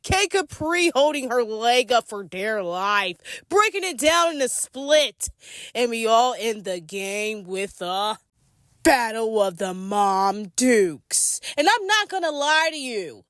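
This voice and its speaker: A woman's voice: fairly high pitch, expressive, slow pace, fairly bright tone, no room sound, studio quality. A woman giving a casual, sassy and slangy recap commentary of a reality show episode. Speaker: commentary vlogger.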